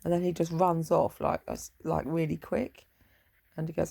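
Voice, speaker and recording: Very gravelly, husky woman. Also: low voice, steady tone, brisk, mellow. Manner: rambling, sweary, laid-back. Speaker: parent. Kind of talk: casual chat.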